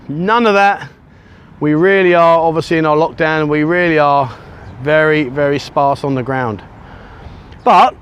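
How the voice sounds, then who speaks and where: A man's voice: on the high side, smooth. A middle-aged English man from the UK, chatting casually and rambling with self-mocking asides as he films himself on a sunny beachfront. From United Kingdom. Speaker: vlogger. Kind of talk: casual walking vlog. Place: outdoors on a sunny beachfront by a busy road. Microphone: handheld camera at arm's length. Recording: faint outdoor traffic noise.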